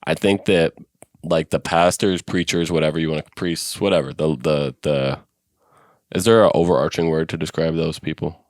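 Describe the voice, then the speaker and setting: A man's voice: extremely low pitch, steady tone, normal speed, a little mellow, no echo, studio quality. A man co-hosting a casual comedy podcast, talking in a playful, slangy way. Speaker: podcast co-host.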